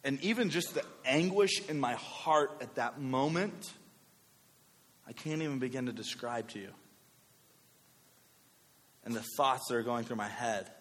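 A man, preaching a sermon with a personal story, talking conversationally with animated asides. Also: mid-range voice, measured pace, long pauses. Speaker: pastor. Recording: long hall reverb.

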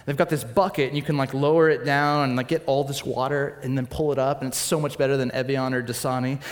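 A man preaching a sermon, telling stories in a lively, animated way, swinging between soft asides and excited bursts. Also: mid-range voice, fast, long reverb tail. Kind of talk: sermon with personal storytelling.

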